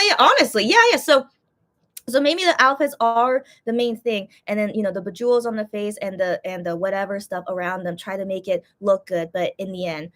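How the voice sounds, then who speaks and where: A woman's voice: mid-range voice, fairly bright tone. A congested woman hosting a casual chat, rambling through her opinions and reading out viewer comments with many fillers and restarts. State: congested, coughing. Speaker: host reacting to concept photos.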